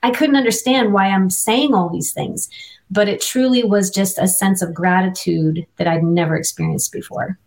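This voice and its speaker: A woman's voice: medium pitch, moderate pace, gravelly, a little mellow. A middle-aged woman, an interview guest, sharing a personal faith testimony in an earnest, vivid storytelling manner.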